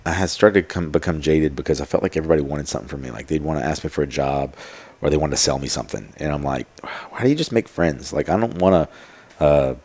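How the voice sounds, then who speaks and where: Fast-talking low-voiced man. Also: darkish tone. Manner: rambling, many fillers and quoted asides. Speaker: podcast guest. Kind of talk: casual storytelling.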